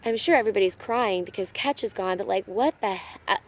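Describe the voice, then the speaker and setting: A young adult woman hosting a casual fan recap, talking in a chatty, animated way and laughing at her own slips. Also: medium pitch, fairly quick.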